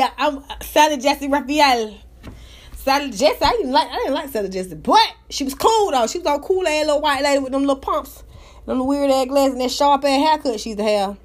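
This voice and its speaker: A woman hosting her own live talk show, chatting casually in an animated, profane, gossipy way. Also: high voice. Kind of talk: casual chat.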